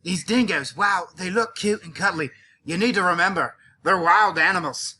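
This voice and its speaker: A man's voice: sits high, normal speed, bright, forceful tone, a little hiss or hum. A male teacher with a cold, hamming it up as a safari guide in a playful mock nature documentary and tossing out Aussie slang. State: has a cold.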